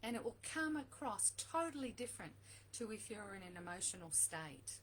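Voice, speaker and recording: A woman's voice: medium pitch, very animated, normal speed, a bit bright, slight background noise, low-quality recording. A middle-aged woman coaching viewers on relationships, talking earnestly and repeating her key points for emphasis. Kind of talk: direct-to-camera advice talk.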